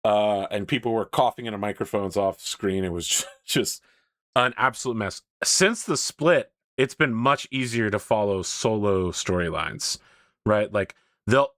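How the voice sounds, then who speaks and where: A man hosting a casual podcast chat, animated, laughing often and swearing freely. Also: on the low side, measured pace, no echo, studio quality. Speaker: podcast host.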